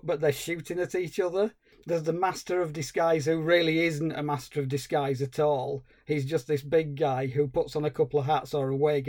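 A man co-hosting a film podcast, chatting casually and retelling scenes with animated enthusiasm. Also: on the high side. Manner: animated storytelling, acting out scenes. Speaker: podcast co-host.

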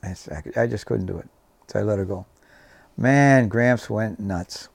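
Recorded dry, a man in his seventies speaks at a moderate pace in a low-ish, gravelly, slightly rough voice. As a veteran guest, he vividly tells personal war stories, acting out the dialogue along the way.

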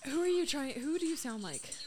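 A woman's voice: sits high, expressive, fairly quick, a crowd in the background. A young woman chatting casually with friends, teasing and giggling. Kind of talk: casual chat.

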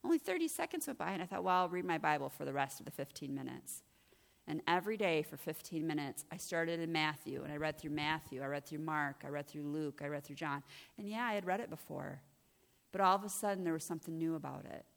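A middle-aged woman giving a personal testimony as a ministry director, telling her story with animated, acted-out dialogue. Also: low voice, brisk, vocal fry. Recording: long reverb of a large hall.

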